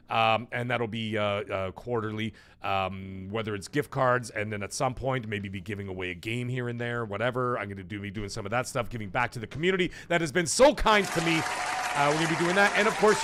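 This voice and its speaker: A man's voice: a little high, fairly bright tone. A man hosting a casual live stream who jokes, swears loosely and reads viewer messages aloud. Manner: chatty, joking, loose and profane. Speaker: livestream host.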